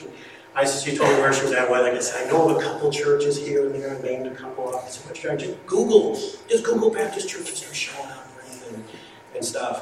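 A man preaching a sermon, earnestly pleading and acting out conversations in a story. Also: mid-range voice. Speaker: pastor. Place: church hall. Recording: echoey hall, distant mic, noisy ambience.

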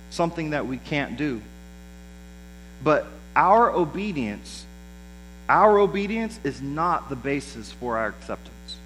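A man's voice: on the high side, a bit bright, slight background noise, rough recording. A man preaching a sermon in a conversational way, acting out the lines of the people he quotes. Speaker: pastor.

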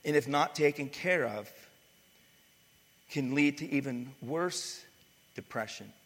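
A male pastor preaching a sermon, swinging from loud to hushed. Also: mid-range voice, slow pace. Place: church sanctuary. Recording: reverberant church hall.

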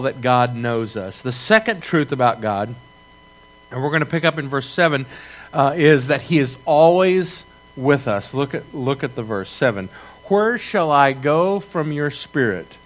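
A middle-aged man preaching a sermon, reading scripture and telling stories with rhetorical questions to his congregation. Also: on the high side. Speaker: pastor.

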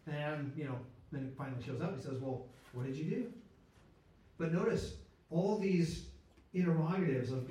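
A man with a fairly high, mellow voice leads a conversational Bible study, asking rhetorical questions and checking in with his listeners. He restarts and corrects himself mid-sentence. He is heard from a distance in a very echoey room. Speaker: Bible teacher. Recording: very echoey room, speaker far from mic.

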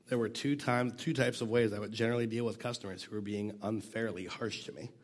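A man teaching a Bible passage in a casual, conversational way, fighting a cough and sometimes dropping to a near whisper. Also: on the low side. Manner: conversational, self-deprecating, drops to near whisper at times.

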